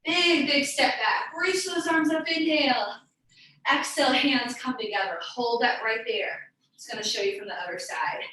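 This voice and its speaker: Bright-voiced woman leading yoga in an echoey room. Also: fairly high pitch, normal speed. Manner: encouraging, calls out students by name. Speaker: yoga instructor. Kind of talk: live yoga class cueing. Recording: very echoey room, voice far from mic, faint background noise.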